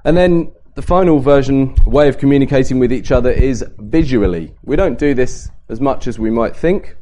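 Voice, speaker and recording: A man giving a Bible talk at a camp, lively and varying his pace and emphasis to make points. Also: medium pitch, moderate pace. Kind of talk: sermon to a youth camp.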